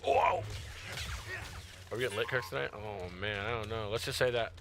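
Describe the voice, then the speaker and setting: A man's voice: on the low side, steady tone, quick pace, very noisy. A tired man giving slangy live gameplay commentary, yelping and squealing when startled. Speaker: gaming streamer.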